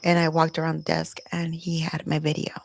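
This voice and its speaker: Speaking a little fast in a low, monotone voice with vocal fry, this podcast host films herself at home. She is middle-aged and shares a personal story with candor and emotion in a confessional monologue, captured in a dry recording.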